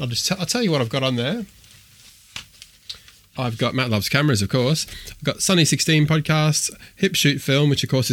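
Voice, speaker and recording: A man's voice: mid-range voice, a bit bright, dry recording. Brief: male podcast host, chatty and rambling, dry studio sound. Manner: chatty and rambling, with fillers and restarts. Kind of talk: casual podcast chat.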